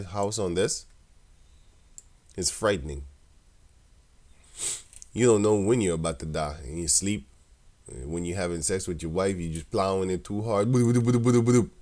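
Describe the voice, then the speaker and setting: A man with a deep, low voice talks through scripture in a casual, rambling way. He laughs often and his tone is mocking and scornful, with frequent restarts. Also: a little mellow. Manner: loose and rambling, with many restarts. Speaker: religious commentator.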